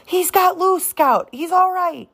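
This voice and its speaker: A woman voicing a young southern boy, anxious and protective, with a slightly gravelly edge to her voice. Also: mid-range voice, brisk, close to an everyday voice. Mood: excited.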